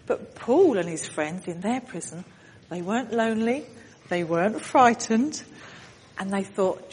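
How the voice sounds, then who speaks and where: A woman leading a children's story drama in a church, animated and directing the congregation to join in. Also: sits high, big-room sound, a little hiss or hum. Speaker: children's talk leader. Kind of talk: storytelling with audience participation. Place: church hall.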